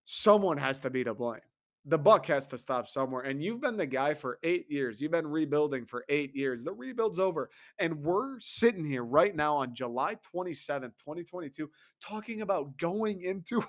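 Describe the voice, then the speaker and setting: A man's voice: fairly high pitch, expressive, moderate pace. Ranting young man. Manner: profane, exasperated ranting with mocking laughs. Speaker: podcast host. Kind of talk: ranting sports commentary.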